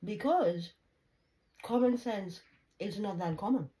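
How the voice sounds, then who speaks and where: A woman's voice: mid-range voice, slow, mellow, lightly acted. A woman voicing her nagging old grandmother, who scolds insistently and keeps repeating the same name. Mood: earnest.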